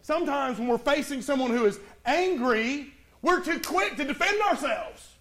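High-voiced preacher man with dramatic pauses. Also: animated. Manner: dramatic pauses, swings from loud to hushed. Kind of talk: sermon with Bible storytelling.

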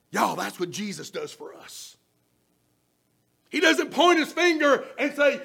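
A man preaching a sermon, swinging between shouted emphasis and soft near-whispers. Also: sits high, sing-song, measured pace, creaky, breathy edge. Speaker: pastor.

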